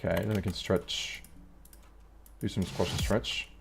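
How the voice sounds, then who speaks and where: A man's voice: sits low, unhurried, vocal fry, noisy background. A man streaming live, talking to himself casually as he works through an animation, with faint music behind. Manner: relaxed thinking aloud, self-talk.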